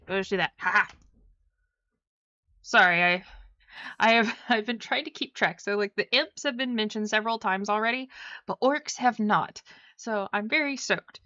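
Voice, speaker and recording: A woman streaming a video game chats casually with her viewers and her pet. Her voice sits at an ordinary female pitch. The sound is dry and slightly dull, like a basic home mic. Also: sharp tone, no room sound. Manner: chatty, talks to her pet and her chat. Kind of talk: casual gameplay stream commentary.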